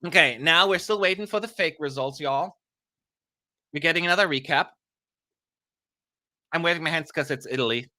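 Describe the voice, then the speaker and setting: A man's voice: a little high, normal speed, long pauses, pushed and bright, no echo. A man from Germany hosting a live stream, chatty and self-mocking, with a dry, sarcastic streak. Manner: chatty, self-mocking, reads viewer questions aloud. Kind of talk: casual live-stream commentary.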